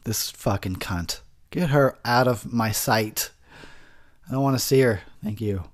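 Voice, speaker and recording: A man's voice: mid-range voice, measured pace. A man giving a rambling, profane, tipsy commentary over a movie, laughing often.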